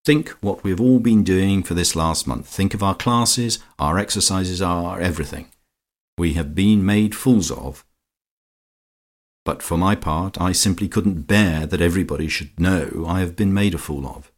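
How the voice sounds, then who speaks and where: A man's voice: low-pitched, normal speed. Lucia, a man doing a commanding society queen. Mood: persuasive. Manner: persuasive, imperious.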